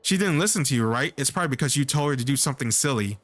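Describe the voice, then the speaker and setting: A man's voice: medium pitch, animated, rapid-fire, fairly bright tone, lightly acted. A man reading the lines of a childish, sulky young female oracle in a fantasy game, in a petulant, whiny way.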